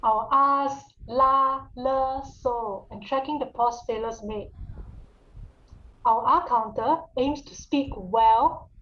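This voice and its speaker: A woman's voice: high voice, fairly even intonation, slow pace, a bit bright. A woman acting as a meeting emcee on a video call, giving formal introductions. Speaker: toastmaster of the day. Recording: muffled video call audio.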